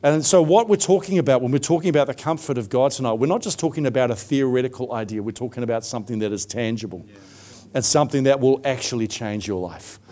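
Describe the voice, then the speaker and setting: A middle-aged man preaching a sermon in a relaxed, chatty storytelling voice. His pitch sits in a plain middle range, and he leans on little fillers as he talks. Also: fast. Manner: storytelling, warm and conversational with frequent fillers.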